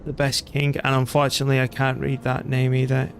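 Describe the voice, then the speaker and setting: A man's voice: mid-range voice, monotone, fairly quick, soft background music. A middle-aged British man chatting and rambling casually while streaming a strategy game. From Britain. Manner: rambling, chatty, self-deprecating. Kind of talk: casual gameplay commentary.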